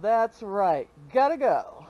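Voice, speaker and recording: An older woman chats on her farm vlog with a mid-height voice. She talks in an easy, chatty way and coos at her animals. Clear outdoor noise from animals and passing cars sits under her voice. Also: medium pitch, big pitch swings, slow, dull audio. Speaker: vlogger on a small farm. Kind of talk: casual vlog chat.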